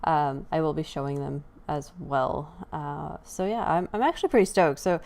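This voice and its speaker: A woman's voice: low-pitched, moderate pace, vocal fry, a little mellow. A woman hosting a casual live online chat, talking loosely with fillers and frequent laughs. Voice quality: chatty, laughing, many fillers. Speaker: host.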